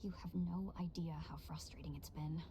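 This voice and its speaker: A woman's voice: low voice, steady tone, warm tone, slight background noise. An actress voicing a restless young noblewoman in a video game, who vents eagerly. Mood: eager, relieved. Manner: eager, quick venting. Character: young noblewoman, restless, chafing under her mother.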